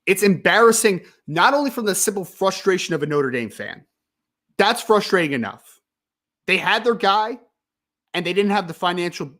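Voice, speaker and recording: A young man hosts a live sports talk stream, emphatic and visibly frustrated. His pitch rises and falls widely as he pushes his points. He keeps talking casually and directly to his viewers. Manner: frustrated, emphatic, ranting then calming. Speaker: sports podcast host.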